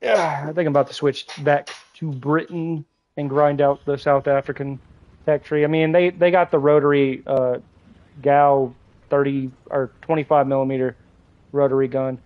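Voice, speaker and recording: A man's voice: a little high, flat delivery, normal speed, phone-quality sound. A young American man chatting casually with his live chat while playing a game, swearing now and then. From United States. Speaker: live streamer.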